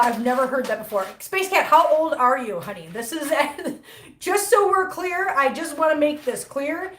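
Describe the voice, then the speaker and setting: A woman's voice: on the high side, a bit bright. A middle-aged woman hosting a casual livestream chat about her cats, teasing and reading viewer comments aloud. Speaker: cat channel host. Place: home room. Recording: echoey room.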